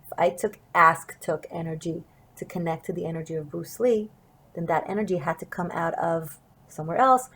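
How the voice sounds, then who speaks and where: Woman, tarot reader, lower pitch; earnest, wandering storyteller speaking to camera. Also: steady tone, moderate pace, a bit bright, slightly rough, low-quality recording.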